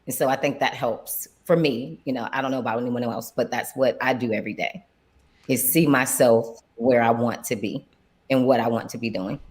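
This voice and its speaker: A female panelist chatting openly about her routines. Her voice sits unusually low for a woman, relaxed and conversational. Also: moderate pace. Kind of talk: casual panel discussion.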